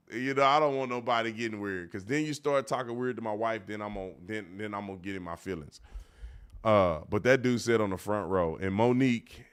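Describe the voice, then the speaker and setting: A man hosting a live commentary show, talking in a casual, colloquial way and repeating words when he gets worked up. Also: medium pitch. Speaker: podcast host.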